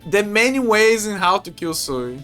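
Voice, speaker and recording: A man streaming, chatting casually in a rambling, animated way with frequent restarts and laughs. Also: high-pitched, normal speed, smooth. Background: faint music.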